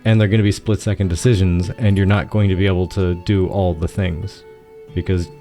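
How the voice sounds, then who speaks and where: Deep, mellow-voiced man chatting about games. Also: a little fast, soft background music. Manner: relaxed, explains at length with many restarts. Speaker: podcast co-host. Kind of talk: casual gaming podcast chat.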